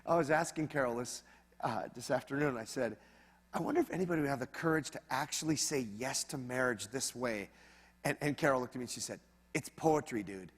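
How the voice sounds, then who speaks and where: A man preaching a sermon as pastor, in a conversational, animated manner with humorous asides. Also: mid-range voice, quick pace, big-room sound.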